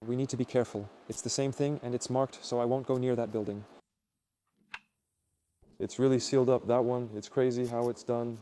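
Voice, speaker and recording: A man narrating an exploration vlog as he guides viewers around, talking in an excitable, exclamatory way. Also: mid-range voice, brisk, slight background noise. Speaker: urban explorer vlogger.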